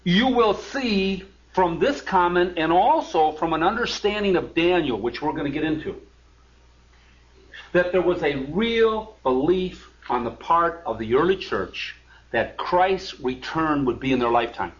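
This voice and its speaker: A man teaches a Bible study in an animated, emphatic way. His voice swings up and down a lot and sits a bit high for a man. The recording is dull and lo-fi. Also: a little slow. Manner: animated, emphatic, reads scripture aloud with asides.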